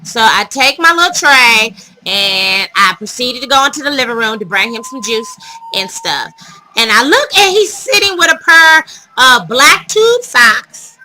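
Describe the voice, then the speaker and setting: A high, sharply bright woman's voice tells a dating story to her viewers. She talks casually and dramatically, with animated outrage and laughter woven through. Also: unhurried, faint music behind, rough recording. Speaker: vlogger telling her dating stories.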